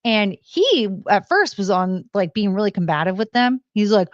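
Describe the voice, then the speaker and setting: A woman co-hosting a casual podcast chat, retelling events and quoting people in a raised, animated voice. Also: mid-range voice, moderate pace, few pauses, no room sound, muffled recording. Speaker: podcast co-host.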